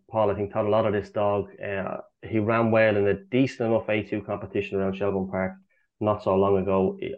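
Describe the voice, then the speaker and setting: Fast-talking man on a phone line. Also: fairly low pitch. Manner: quick, rambling, full of um and restarts. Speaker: guest tipster. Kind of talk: casual chat.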